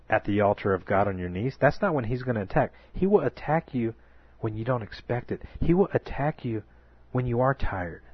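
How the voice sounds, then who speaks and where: A man's voice: mid-range voice, breathy edge, dry recording. A man preaching a sermon, often calling his listeners "folks" and building to emphatic peaks. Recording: dull lo-fi recording with faint music.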